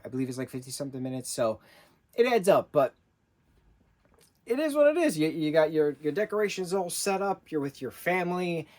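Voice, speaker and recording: A man in his thirties giving a casual, rambling spoken review, with frequent restarts and fillers. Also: mid-range voice. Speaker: vlogger reviewing a TV special.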